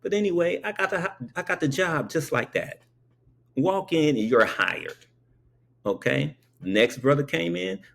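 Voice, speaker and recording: A man's voice: fairly high pitch, expressive, unhurried, gravelly, a bit bright. A man telling a personal story in a conversational way, often checking in with the listener.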